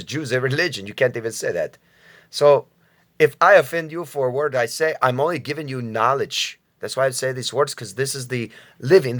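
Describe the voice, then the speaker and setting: A man from the United States giving a rambling, casual vlog monologue, talking straight to his viewers with frequent profanity and chuckles. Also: medium pitch. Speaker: vlogger commentator.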